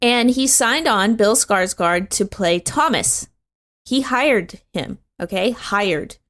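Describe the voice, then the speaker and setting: A woman's voice: medium pitch, lively intonation, takes it slowly, a bit bright. A woman co-hosting a podcast in casual chat, slangy, calling her co-host dude and bro.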